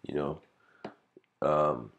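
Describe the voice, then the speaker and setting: A man voicing a tired male street hat seller, muttering low and half to himself. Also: steady tone, very slow, highs cut off, exaggerated voice. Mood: musing.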